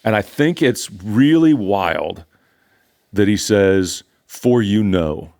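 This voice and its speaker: Teaching scripture conversationally, this older male pastor speaks slowly yet animatedly in a lowish, darkish voice. He's earnest and emphatic, repeating phrases to drive points home.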